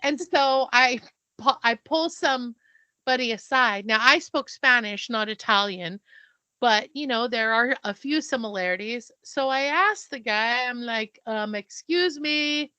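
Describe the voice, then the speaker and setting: Middle-aged American woman, podcast co-host; bright, slightly high voice; lively storyteller who restarts her sentences. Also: a little slow, no echo. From United States. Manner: animated storyteller, acts out quoted people; restarts and stumbles mid-sentence. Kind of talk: casual storytelling chat.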